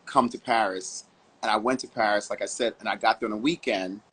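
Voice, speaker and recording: A man from Harlem, New York, telling stories as a fashion model guest in an interview, animated and full of vivid asides. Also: fairly low pitch, fairly quick, slightly rough, low-quality recording. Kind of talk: storytelling interview answers.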